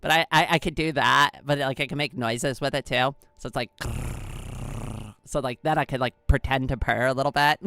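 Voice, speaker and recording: A woman's voice: a bass voice, steady tone, normal speed, a bit bright, slight background noise. A woman streamer chatting casually with her viewers, giggly and playful, often laughing at herself. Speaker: live streamer.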